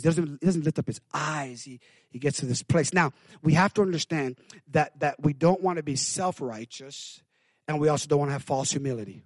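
A man preaching a sermon, with call-outs to the congregation, swinging from hushed lines to loud bursts. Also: fairly high pitch, dry recording. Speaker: pastor.

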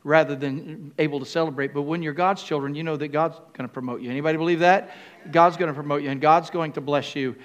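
An older male pastor preaching a sermon, calling on the congregation to answer back and often stopping to restart his phrases. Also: fairly high pitch. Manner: call-and-response with the congregation; halting, with restarts and fillers.

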